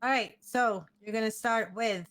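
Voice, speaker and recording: A woman's voice: a little high, normal speed, a bit bright. A woman playing an officer, walking cadets through their uniforms step by step in a matter-of-fact way, sounding just woken up. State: just woke up. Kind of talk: casual role-play instruction.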